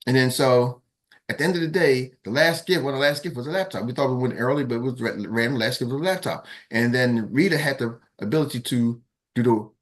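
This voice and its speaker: A man speaks, a coach hosting his team's morning call. He tells his stories with energy, and his voice jumps higher whenever he acts out what someone said. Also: quick pace. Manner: animated storyteller, acts out quotes in raised voices. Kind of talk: casual storytelling to a team.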